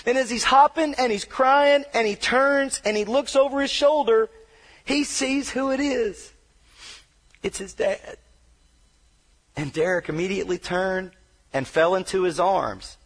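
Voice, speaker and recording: High-voiced man telling a dramatic story. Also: normal speed. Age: adult wheelchair user, paralyzed from injury. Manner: dramatic storytelling, swings from hushed to shouting; self-deprecating humor. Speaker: motivational speaker. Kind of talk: motivational speech.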